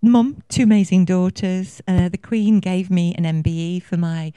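At a conference venue, a woman in her fifties speaks in a lowish, steady, warm and smooth voice at normal speed. Her talk is gushing and passionate, meandering through many fillers, recorded without room sound.

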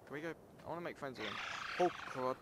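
A young man giving casual let's-play commentary, excitable and jumpy, talking to himself and yelping when scared. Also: racing. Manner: excitable, jumpy, talks to himself, breaks into high panicked yelps. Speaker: gameplay streamer. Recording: loud game ambience and insect noise behind.

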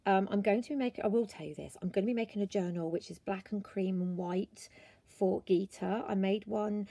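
A British woman chatting casually as she shows off craft gifts, croaky from the end of a cold and gushing over each item. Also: mid-range voice, fairly quick, no echo, poor audio. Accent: British English. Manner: gushing and warm, frequent ums, gasps with delight. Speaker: craft vlogger. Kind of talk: casual show-and-tell chat.

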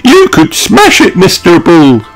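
A man doing a shrill squeaky rabbit shopkeeper lady. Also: huge pitch swings, a little slow, faint music behind, heavily acted. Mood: exasperated. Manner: high squeaky put-on falsetto.

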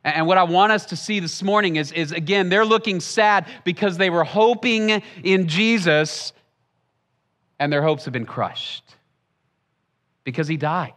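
A man's voice: sits high, moderate pace, a bit bright. A young man preaching a sermon in church, reading scripture and then talking in an earnest, conversational way that repeats key phrases. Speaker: pastor.

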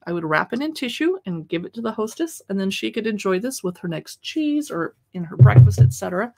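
A woman's voice: mid-range voice, darkish tone. A woman hosting a casual live stream from her desk at home, reading product labels aloud and adding chatty asides.

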